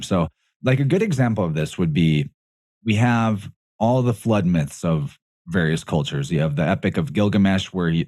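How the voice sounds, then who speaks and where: A man with a deep, low-pitched voice talks as a podcast guest, recorded close and dry. He explains in a loose, rambling way, stopping to correct himself and laughing between thoughts. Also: a little mellow, no echo. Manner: rambling, self-correcting, laughs often mid-sentence. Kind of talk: casual podcast conversation.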